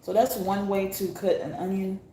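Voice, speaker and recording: A woman's voice: mid-range voice, steady tone, moderate pace, a little hiss or hum. A woman casually showing how she cooks in her home kitchen, chatting and laughing as she chops. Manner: chatty, laughing, exclaiming while chopping. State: teary-eyed from onion fumes. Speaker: cooking vlogger. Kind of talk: casual cooking demonstration. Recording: echoey kitchen with loud clatter of dishes. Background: dishes, pots and pans clattering.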